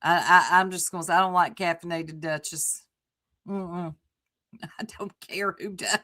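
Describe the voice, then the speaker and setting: A woman's voice: on the low side, unhurried, bright, forceful tone. A woman co-hosting a livestream, commenting in a blunt, sassy way and swearing freely. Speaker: stream co-host.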